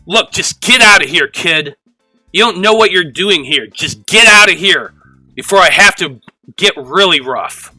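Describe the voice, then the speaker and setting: A man voicing a big, pushy young man who speaks loudly and aggressively. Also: high voice, expressive, measured pace, no echo, faint music behind, voice pushed up, heavily acted. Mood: threatening. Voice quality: loud, demanding.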